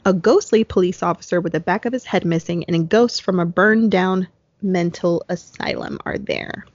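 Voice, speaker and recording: Woman co-host, husky voice, fast and blunt, dull dry lo-fi sound. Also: fairly low pitch, no room sound. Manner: quick, laughing, blunt asides. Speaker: podcast co-host. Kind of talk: casual chat reading spooky road lore.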